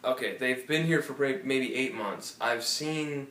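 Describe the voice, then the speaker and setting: A man's voice: medium pitch, measured pace, far from the mic, noisy background. A man co-hosting a casual podcast, telling a rambling, profane anecdote full of restarts, recorded in an apartment room. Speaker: podcast co-host. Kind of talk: casual chat, storytelling. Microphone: phone or tablet recording. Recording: roomy audio from off-mic.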